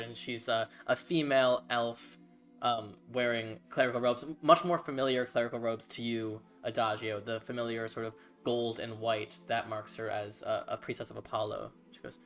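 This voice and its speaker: A man's voice: mid-range voice, fairly even intonation, normal speed, fairly bright tone, soft background music. A man narrating a tabletop game as game master, casual and rambling.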